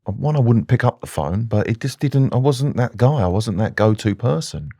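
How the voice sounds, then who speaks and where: A man's voice: mid-range voice, expressive, normal speed, mellow, no echo, studio quality. A British man, a podcast guest speaking earnestly and openly in conversation. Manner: earnest and open. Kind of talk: candid conversation.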